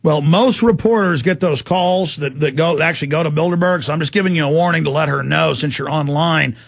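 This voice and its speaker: A talk show host speaking with urgent intensity. His voice sits high and gravelly with a husky edge, and the studio mic sounds dry and close. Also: a little fast, no room sound. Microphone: studio microphone.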